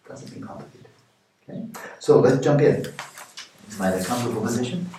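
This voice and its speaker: A man as a meditation teacher, giving guided meditation instruction in slow, questioning short phrases with pauses. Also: medium pitch, lively intonation, warm tone, slight background noise. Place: retreat meditation hall. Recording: echoey room, distant mic.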